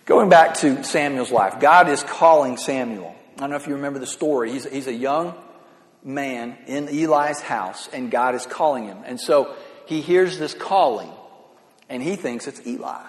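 A man preaches a sermon in a loose, conversational way, stopping often to ask "right?" and repeating his words as he thinks. His mid-pitched voice rings out with a long, roomy reverb in a large hall. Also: normal speed. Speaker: pastor.

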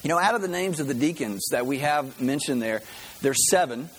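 A male preacher delivers a story-led sermon in a fairly high voice, chatty and conversational. He keeps checking in with his listeners as he goes. A faint hiss sits under his voice. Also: expressive, brisk, poor audio. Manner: conversational, asks "right?" often.

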